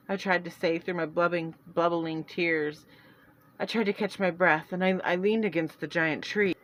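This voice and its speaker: A woman reading her own fantasy novel aloud in first person, earnest and halting with restarts. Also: sits low, steady tone, a bit bright, low-quality recording.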